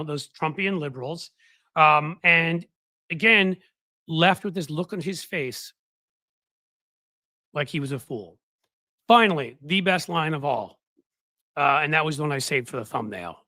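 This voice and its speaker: A man's voice: a little high, bright, forceful tone, no echo. A man hosting a political commentary stream in casual talk, mocking his target and quoting others in put-on voices.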